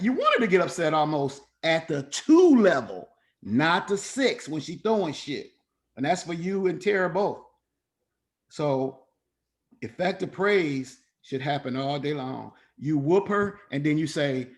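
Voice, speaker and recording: Man, slightly high voice, informal class leader, animated and salty-mouthed, online call. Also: normal speed. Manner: animated and profane, acting out quotes in other voices. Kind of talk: informal coaching talk.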